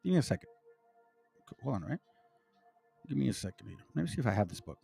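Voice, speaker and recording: A man's voice: mid-range voice, sing-song, fast talker, creaky, warm tone, husky, soft background music. A man hosting an online commentary, reading passages aloud and reacting in a heated, profane rant full of stumbling restarts. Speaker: channel host.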